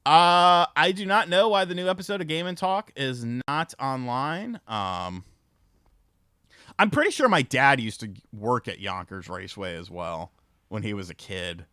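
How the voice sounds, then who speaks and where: A man's voice: mid-range voice, animated, unhurried, pushed and bright, clean tone, no room sound. A man hosting a casual livestream, chatting with viewers and telling rambling, profane stories full of fillers on a close mic. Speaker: livestream host. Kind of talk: casual stream chat and storytelling.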